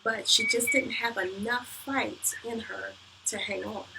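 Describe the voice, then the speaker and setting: Earnest woman with a gravelly voice. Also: fairly high pitch, steady tone, unhurried. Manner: earnest, reflective, repeats phrases. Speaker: motivational speaker. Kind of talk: personal testimony. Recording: distant mic with background noise.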